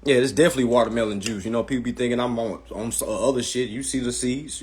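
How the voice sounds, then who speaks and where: A man's voice: mid-range voice, fast, a little hiss or hum. Profane, blunt man on a live stream. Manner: blunt, profane, ranting at viewers. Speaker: live-stream host teaching a class. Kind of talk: casual live-stream talk answering chat. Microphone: phone.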